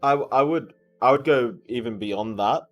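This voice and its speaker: A tired man chatting casually on a podcast, rambling with lots of restarts and a curse word now and then. His voice sits at an ordinary middle pitch, with faint music playing behind him. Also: normal speed. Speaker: esports caster and podcast co-host. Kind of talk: casual chat. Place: hotel conference room.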